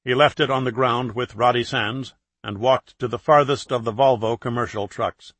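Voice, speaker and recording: A man narrating a thriller audiobook in a steady, measured reading. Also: mid-range voice, dry recording.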